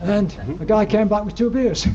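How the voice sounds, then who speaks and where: An older man with a Yorkshire accent giving a rambling, dryly humorous slide-show talk to a club, with plenty of ums, on a dull lo-fi recording. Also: high-pitched. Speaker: guest speaker at alpine club. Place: lecture room. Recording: dull lo-fi recording with faint noise.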